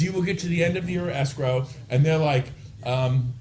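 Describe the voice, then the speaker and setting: A man's voice: a little high, normal speed, hardly any pauses, a crowd in the background. A man giving a live real estate training talk to a room of agents, telling stories with a lot of energy. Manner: energetic, animated storytelling.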